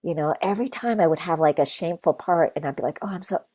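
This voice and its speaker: A woman's voice: lowish voice, fast, mellow, dry recording. A young adult woman teaching earnestly in a casual conversational way, repeating key phrases like a mantra and leading a short guided meditation. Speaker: guest spiritual teacher.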